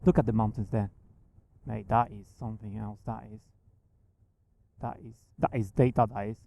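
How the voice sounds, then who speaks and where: A young man giving casual, excitable commentary while driving, swearing freely and talking at other drivers. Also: lowish voice, moderate pace, vocal fry. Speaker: vlogger driving. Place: inside a car on mountain roads.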